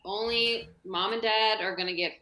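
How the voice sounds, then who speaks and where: A woman's voice: mid-range voice, steady tone, normal speed, a loud crowd. A woman talks frankly and bluntly as a podcast guest, with some swearing mixed in. Her voice carries a roomy echo. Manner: frank, outspoken, swears freely. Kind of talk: casual group podcast chat.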